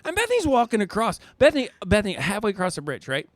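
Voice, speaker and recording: Man, podcast co-host, casual chat, lively swooping pitch, dry close sound. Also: fast, no echo. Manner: animated, laughs often, repeats words. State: afraid of heights.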